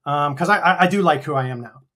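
A man's voice: on the high side, fast, pushed and bright. American guy about fifty, rambling, swears a lot, lots of ums, chatting on a call. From United States. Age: 50s. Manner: rambling, frank, swears freely, many ums. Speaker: actor guest. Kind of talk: casual interview chat.

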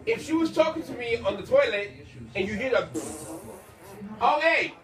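A man with a very high voice rants playfully and keeps repeating his point. He sounds off-mic in an echoey room. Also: brisk, recorded from a distance. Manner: animated, teasing, repeats himself. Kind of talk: joking rant to the camera.

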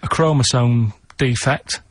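A man's voice: medium pitch, unhurried, dry recording, studio quality. A man explaining things on a radio show in a plain, matter-of-fact way. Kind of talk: deadpan radio chat. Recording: archive radio broadcast with faint noise.

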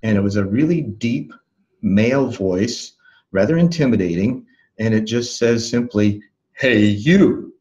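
A man being interviewed as a life coach, recounting a memory in a calm, thoughtful way with soft laughs and restarts. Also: on the low side, a little slow, highs cut off. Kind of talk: reflective interview storytelling.

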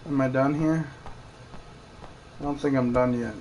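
Male streamer, casual running commentary, mid-pitched voice, noisy home mic. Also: steady tone, unhurried, darkish tone. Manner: chatty, talking to himself. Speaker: game streamer. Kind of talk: live game commentary.

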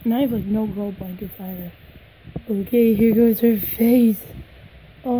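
A young woman with a somewhat hoarse, very dark and mellow voice, vlogging casually. She gushes excitedly and slips into hushed whispers now and then, pitched a touch high. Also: normal speed, slight background noise, poor audio. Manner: gushing, excitable, drops to soft whispers. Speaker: vlogger unboxing a doll. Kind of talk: casual unboxing vlog.

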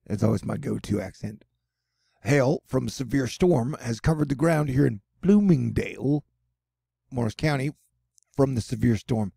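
Man, weather news host, rambling jokey delivery, dark tone, dry close sound. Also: medium pitch, moderate pace, gravelly, slightly rough, no room sound. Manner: jokey, rambling, self-deprecating asides. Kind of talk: casual news commentary.

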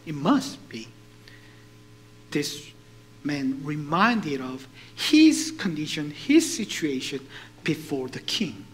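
A male pastor preaching a sermon, animated and putting questions to his congregation. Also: on the high side, slow, low-quality recording.

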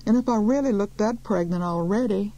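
A woman's voice: mid-range voice, fairly quick, dark tone, pitched above the performer's own voice, close to an everyday voice, low-quality recording. A woman voicing a prim, easily offended customer. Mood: indignant. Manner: touchy, indignant.

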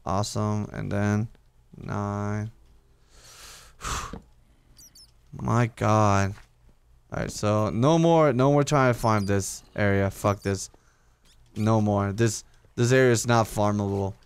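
A man's voice: fairly low pitch, steady tone, takes it slowly, long pauses, smooth. A young man commentating his own game play, talking to himself, swearing often and repeating words when he panics. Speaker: gaming YouTuber. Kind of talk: casual let's-play commentary.

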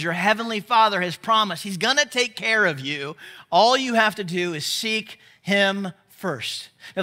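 Male pastor, high bright voice, chatty sermon delivery, quizzes the congregation. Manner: conversational, asks the crowd questions. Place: church service.

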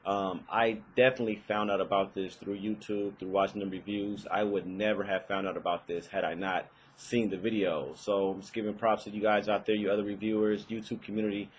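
A man's voice: lowish voice, level tone, fairly quick, few pauses, a little hiss or hum, poor audio. A young man giving a casual, rambling fragrance review, with many fillers and restarts.

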